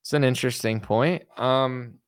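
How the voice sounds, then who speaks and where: A man streaming casual commentary, talking animatedly with lots of "like" and quick jumps into mock voices. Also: mid-range voice, fairly even intonation, clear, resonant tone, no echo, clean studio sound.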